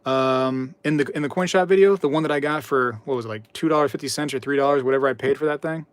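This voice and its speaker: A man's voice: medium pitch, quick pace, smooth, no room sound. A man hosting a casual live stream, reading chat messages aloud and telling stories in a chatty, repetitive way. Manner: chatty, repeats himself, reads chat aloud, tells anecdotes. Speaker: livestream host.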